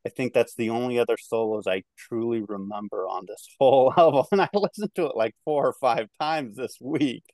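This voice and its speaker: A man's voice: mid-range voice, brisk, hardly any pauses, a little mellow, no room sound. A man in his thirties with a twangy Midwestern American accent, rambling through a casual album review with lots of fillers and restarts. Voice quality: slight twang. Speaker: music podcast reviewer.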